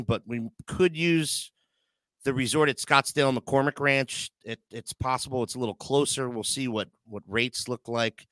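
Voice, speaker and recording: Bright, crisp-voiced joking male host. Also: medium pitch, no echo. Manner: joking, crude banter, emotional asides. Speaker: podcast host. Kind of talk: casual live-stream chat.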